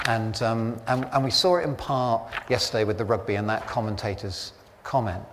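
Chatty pastor in a reverberant church. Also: male voice, fairly low pitch, moderate pace, noisy background. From Britain. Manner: chatty, anecdotal, wry humour. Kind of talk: sermon. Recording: church hall reverb, faint ambience.

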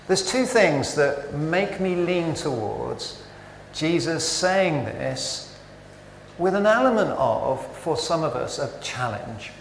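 A man's voice: a little high, slow pace, creaky, a little hiss or hum. A man preaching a sermon in a church, conversational and full of rhetorical questions. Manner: conversational, self-interrupting, animated rhetorical questions. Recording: echoey church with long reverb.

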